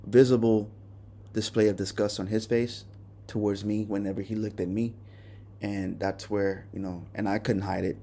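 A male podcast host telling a personal story in a halting, remorseful way, often restarting his sentences. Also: on the low side. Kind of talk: personal confession monologue.

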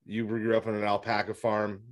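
A man's voice: lowish voice, monotone, a little fast, heavy background noise. A man co-hosting a podcast in casual chat, teasing and crude, often laughing. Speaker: podcast co-host.

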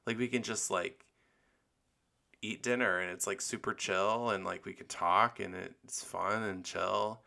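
A man's voice: lowish voice, fairly even intonation, measured pace, gravelly, sharp tone. A young man hosting his own podcast, chatting candidly with lots of fillers and giggles. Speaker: podcast host. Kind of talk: casual solo podcast chat.

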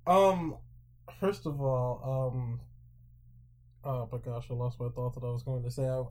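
A man's voice: mid-range voice, warm tone. A man appearing as a podcast guest, rambling and hesitating with many fillers as he chats. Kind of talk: casual podcast chat.

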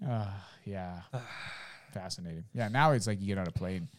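A man's voice: sits low, normal speed. A man co-hosting a podcast, telling rambling, profane stories in casual chat and slipping into character voices. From Canada. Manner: rambling storyteller, swears freely, acts out voices. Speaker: podcast co-host.

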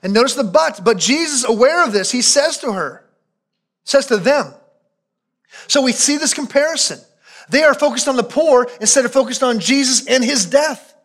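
A man preaching a sermon as pastor, emphatic and repetitive, sometimes dropping to a low, quiet voice for solemn points. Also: animated, normal speed. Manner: emphatic preaching, repeating phrases for weight.

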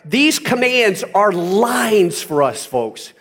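A male pastor preaching a sermon, driving points home with emphatic repetition and rising to loud peaks. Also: on the high side, expressive, unhurried, slightly rough.

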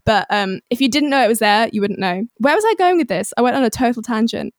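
A woman's voice: fairly high pitch, lively intonation, fast talker, no room sound, clean studio sound. A woman composer chatting casually on a podcast, rambling and self-deprecating with plenty of fillers, recorded on a mic with a pop shield. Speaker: composer guest. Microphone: studio mic with pop shield.

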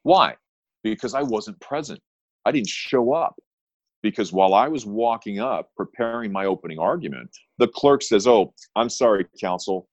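Man, attorney guest, very low voice, dry close sound, emphatic storytelling. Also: normal speed, no echo, muffled recording. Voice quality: energetic, emphatic with repeated punchy phrases. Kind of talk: interview storytelling.

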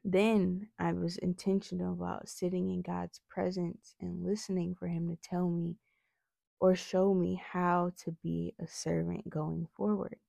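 A woman's voice: on the low side, level tone, a little slow, vocal fry, mellow, no room sound. A young woman with retainers in her mouth giving an earnest devotional talk on prayer, often checking in with "right?". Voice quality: slight lisp from retainers. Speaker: faith vlogger.

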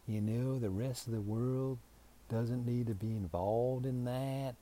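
A man's voice: mid-range voice, unhurried, mellow, slight background noise. A man hosting a solo podcast, rambling in a dry, sarcastic way with frequent restarts. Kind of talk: casual rambling podcast monologue. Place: at home.

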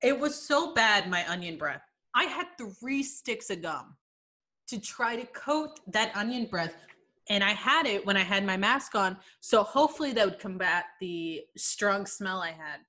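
A woman in her twenties chats casually with a friend, telling a comic story. She sounds animated and laughs often. Her voice is bright and forceful. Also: medium pitch, unhurried. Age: 20s. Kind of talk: casual chat.

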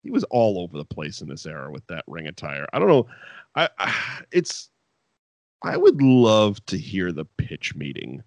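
Laughing, profane man with a lively voice. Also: low-pitched, moderate pace, no room sound. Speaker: podcast co-host. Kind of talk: casual wrestling recap chat.

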